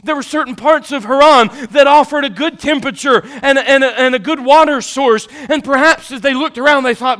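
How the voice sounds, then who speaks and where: A male preacher delivering an emphatic sermon to a congregation, dropping from loud declarations to hushed asides. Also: very high voice, normal speed, few pauses. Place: church sanctuary with congregation.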